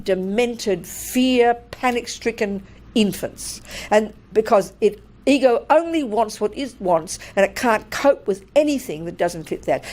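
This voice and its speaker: An older woman, a Buddhist nun, giving a dharma talk in a blunt, animated way and laughing through her stories. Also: medium pitch.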